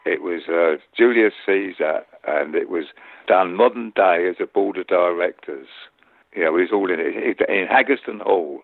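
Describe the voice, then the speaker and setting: An older man with an East London accent, a guest telling rambling stories with an animated, chuckling manner. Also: sits low, normal speed, no echo. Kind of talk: anecdotal interview chat. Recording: tinny phone-like line.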